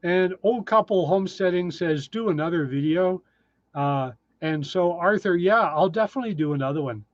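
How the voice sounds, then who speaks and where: A man's voice: high voice, moderate pace, dry recording, lo-fi sound. A man in his sixties, casually chatting on a livestream and answering viewer comments in a self-deprecating way. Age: 60s. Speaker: livestream host. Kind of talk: casual live chat reading comments.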